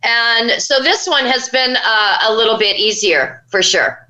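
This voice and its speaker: Bright-voiced chatty woman in an echoey room. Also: on the high side, a little slow. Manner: chatty, rambling, with many fillers and light laughs. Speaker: inventor guest. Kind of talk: casual interview talk.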